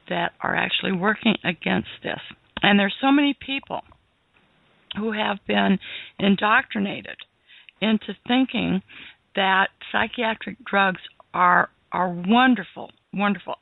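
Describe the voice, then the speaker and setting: Gravelly woman on a tinny phone line. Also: mid-range voice, no echo. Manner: earnest, halting, many restarts. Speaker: radio guest. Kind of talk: radio interview.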